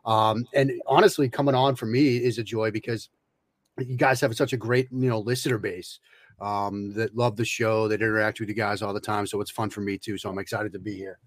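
A man's voice: fairly low pitch, fairly even intonation, fairly quick, no echo. A man speaks as a guest analyst on a podcast, friendly and chatty. He often restarts his words and leans on fillers as he thinks aloud. The recording is dry. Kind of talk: casual podcast interview.

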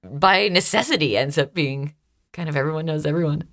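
Low-voiced chatty Canadian woman. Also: brisk, a bit bright. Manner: chatty, rambling, laughs often, many "like" fillers. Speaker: radio host, here the guest. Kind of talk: casual interview chat.

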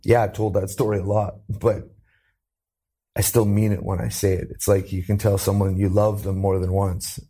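Gravelly low-voiced man telling his story. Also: little pitch movement, moderate pace, warm tone. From Canada. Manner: earnest, acts out quoted voices with rising pitch. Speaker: interview guest. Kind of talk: personal storytelling in an interview.

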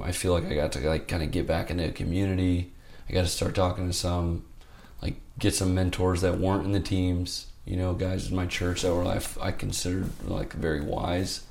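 Low, gravelly man telling his story. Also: a little mellow. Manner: rambling and heartfelt, full of "like" and "you know". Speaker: interview guest. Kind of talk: candid personal storytelling in conversation.

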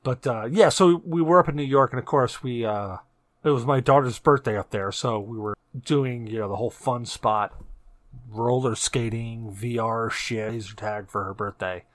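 A middle-aged man co-hosting a podcast, telling animated and profane stories in casual chat. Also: mid-range voice, moderate pace, dry recording, studio quality. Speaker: podcast co-host.

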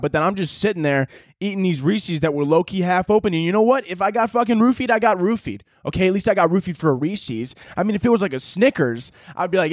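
A young man hosting a casual solo podcast, telling stories in a profane, laughing, animated way. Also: sits high, fast talker, no room sound, studio quality. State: out of breath. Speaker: podcast host.

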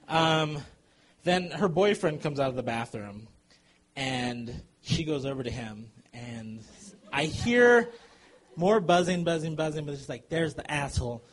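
A man telling a comic true story to a live audience, animated and chuckling as he goes. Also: on the high side, a little slow, pauses often.

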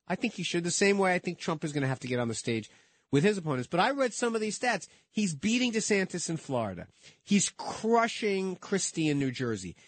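A man co-hosts a political talk show and argues in quick bursts that keep doubling back. He repeats words and restarts his sentences. The sound is dry and close, with no room around him. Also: a little high, no echo. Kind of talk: casual political debate chat.

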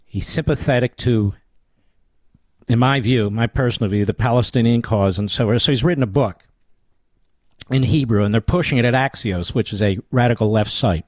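A man's voice: medium pitch, normal speed, no echo. A man hosting political talk radio in a combative, sarcastic way that often builds into a heated rant.

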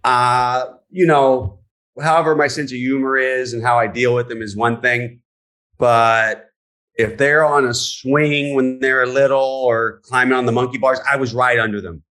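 A man appearing as a guest on a podcast, answering in a relaxed, slightly hesitant way during casual chat. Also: medium pitch, measured pace.

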